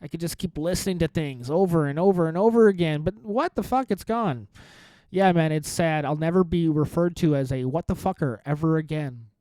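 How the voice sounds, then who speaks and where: Talking solo on his own podcast, a man in his thirties who does stand-up rambles casually, cracking self-deprecating, profane jokes. He speaks briskly in a fairly high, warm-toned voice, with no room sound.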